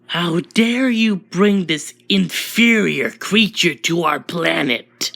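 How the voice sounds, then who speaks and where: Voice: medium pitch, takes it slowly, vocal fry, pushed and bright, husky, heavily acted. A narrator voicing a haughty alien who looks down on outsiders. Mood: sneering. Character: haughty alien man, cold and disdainful.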